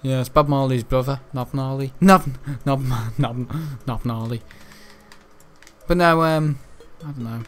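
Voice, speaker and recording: A man giving rambling, chatty gameplay commentary, laughing often and breaking into excitable outbursts. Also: medium pitch, a little slow, clean tone, faint music behind. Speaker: gaming channel host.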